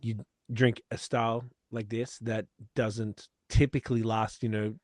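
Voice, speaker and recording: A man's voice: fairly low pitch, little pitch movement, measured pace, darkish tone, no room sound, clean studio sound. A man from Australia co-hosting a podcast, chatting casually over beers and telling stories with laughter and swearing. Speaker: podcast co-host.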